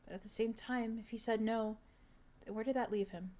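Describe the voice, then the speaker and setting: A woman's voice: fairly high pitch, fairly even intonation, fairly quick, dark tone. Woman reading a story aloud. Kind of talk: reading fan fiction aloud.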